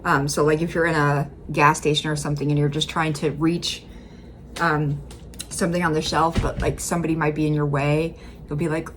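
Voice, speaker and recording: A woman's voice: deep voice, flat delivery, brisk, slight background noise. A woman with a Midwestern accent, chatting casually as she reacts to a video, rambling and dropping frequent fillers. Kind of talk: casual commentary.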